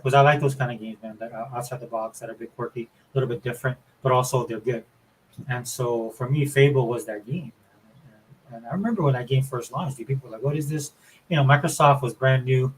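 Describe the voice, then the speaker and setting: A man's voice: mid-range voice, slight background noise, rough recording. Enthusiastic rambling gaming show host, a man. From Florida. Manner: rambling and enthusiastic, says dude and man a lot. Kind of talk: casual gaming chat.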